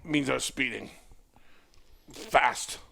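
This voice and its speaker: A man's voice: medium pitch, slow pace, vocal fry. A middle-aged man, a former wrestler, telling a story in casual chat and acting out the voices of the people in it. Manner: animated storyteller who acts out voices. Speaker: podcast guest, former wrestler.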